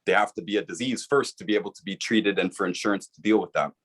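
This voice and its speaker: A man with a fairly low voice speaks as an interview guest. He explains in an earnest, persuasive way and keeps checking in with the listener. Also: fast. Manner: earnest, persuasive, repeats "right?". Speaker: author and guest.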